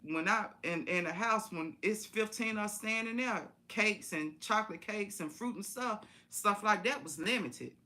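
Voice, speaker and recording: A woman's voice: medium pitch, normal speed, hardly any pauses, bright, forceful tone. A woman telling a personal story in a casual, folksy way on a live stream, repeating phrases for emphasis.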